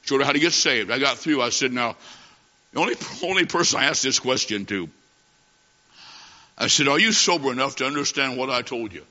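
A man's voice: medium pitch, expressive, a little fast, pauses often, sharp tone. A man preaching a revival sermon, telling a story and then calling on his congregation with emphatic, repeating phrases. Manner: emphatic, repetitive, calls to congregation. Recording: dull audio with long hall reverb.

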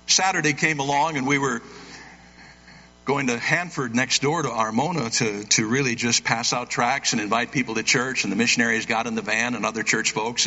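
A man preaches a story-driven sermon in a long-echoing hall, and the recording sounds somewhat dull and lo-fi. His voice is bright and a little husky, with a mid-high pitch. He shifts his pitch sharply whenever he acts out the people in his story. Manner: animated, acts out quoted voices with big pitch jumps.

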